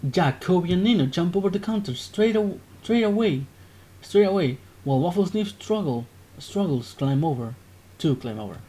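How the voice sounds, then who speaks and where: A man's voice: high voice, lively intonation, moderate pace, mellow. A man casually narrating a text game aloud, often stopping to correct himself. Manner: casual, self-interrupting narration. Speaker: gaming video creator.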